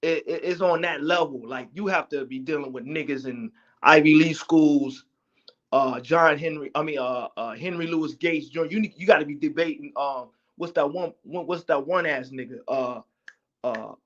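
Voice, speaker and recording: A man's voice: fairly high pitch, moderate pace, a bit bright. Rambling man, lo-fi. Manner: rambling, searching for words. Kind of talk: rambling casual chat. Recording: dull lo-fi audio.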